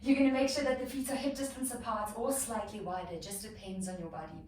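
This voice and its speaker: A woman's voice: mid-range voice, steady tone, fast talker, darkish tone, a little hiss or hum. Breathless female yoga instructor, encouraging, counts reps; very echoey room, distant mic. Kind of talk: guided workout instruction.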